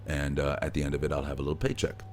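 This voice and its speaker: A middle-aged actor, a guest in an interview, telling stories in a relaxed way with easy laughs, recorded backstage at a theatre. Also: male voice, a bass voice, racing. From United States. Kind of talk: conversational interview.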